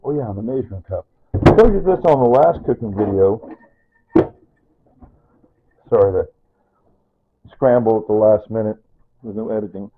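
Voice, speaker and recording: A man's voice: on the low side, normal speed, pauses often, narrow, tinny audio, a little hiss or hum. A man chatting loosely while cooking in his home kitchen, rambling and repeating himself as he explains each step. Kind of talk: unscripted cooking video chat.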